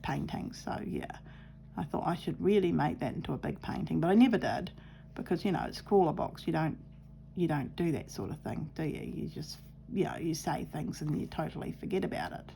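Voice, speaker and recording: A cheerful middle-aged woman talking her way through a sewing project at home, laughing and musing aloud as she works. Her voice has a gravelly, creaky edge, with a faint hum in the background. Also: low-pitched, lively intonation, fairly quick, dark tone. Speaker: craft vlogger. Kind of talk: chatty storytelling while sewing.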